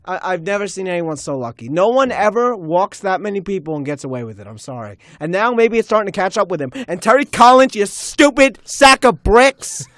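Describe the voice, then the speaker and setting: A young man, ranting and shouting in exasperation on a sports podcast. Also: high voice, sing-song, quick pace, few pauses, dry recording, clean studio sound. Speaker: podcast host. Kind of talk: heated sports rant.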